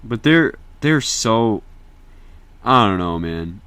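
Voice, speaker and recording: A young man from Indiana, chatting casually to viewers on a livestream in an excitable, slangy, profane way. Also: on the low side, slow pace, clear, resonant tone, no room sound.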